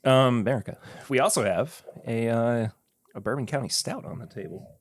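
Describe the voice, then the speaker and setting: A man's voice: medium pitch, moderate pace, no room sound, studio quality. A man hosting a podcast, chatting casually and joking while tasting whiskey. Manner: relaxed, joking, laughs often. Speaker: podcast host.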